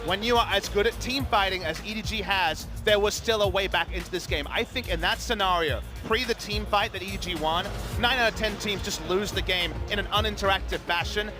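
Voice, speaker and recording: A man's voice: high voice, brisk, hardly any pauses, music in the background. A man casting an esports match, giving strong, emphatic opinions. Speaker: esports caster. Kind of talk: esports commentary.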